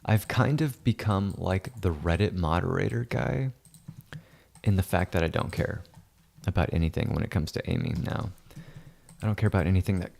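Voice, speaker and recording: A man's voice: deep voice, normal speed, creaky, a little mellow. A man chatting on a casual livestream while editing photos, joking and boasting in rambling asides, sometimes dropping to a whisper. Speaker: photo editor streaming his work.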